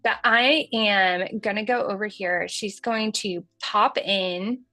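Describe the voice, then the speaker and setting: A woman in her thirties with a light Southern accent, hosting a casual software tutorial in a chatty, folksy way. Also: mid-range voice, slow, no room sound. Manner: chatty and folksy, says y'all, laughs at herself. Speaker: livestream host demonstrating software.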